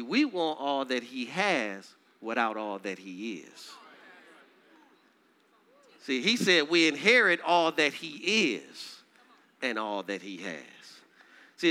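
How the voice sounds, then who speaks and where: A man preaching a sermon as pastor, coaxing the congregation to repeat lines and swinging from quiet low passages to high, loud declaiming. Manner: call-and-response preaching, urging the congregation to repeat phrases.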